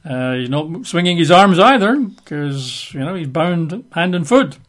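A man teaching from the Bible, reading passages aloud and then explaining them in relaxed, chatty asides. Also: a little high, measured pace. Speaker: preacher.

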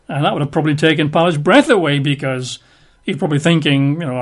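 A man's voice: on the high side, fast, a bit bright. A male preacher teaching through a Bible passage in a conversational sermon, explaining it with casual asides.

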